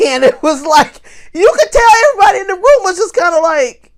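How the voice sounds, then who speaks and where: High, lively woman telling a story. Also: a little fast. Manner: animated, laughing storyteller; talks straight to viewers. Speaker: vlogger. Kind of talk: casual storytelling to camera.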